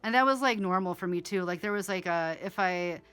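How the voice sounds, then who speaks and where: Rambling, bright-voiced woman telling a story. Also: mid-range voice, fast talker, clear, resonant tone, faint music behind. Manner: rambling, profane, many fillers. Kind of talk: casual storytelling.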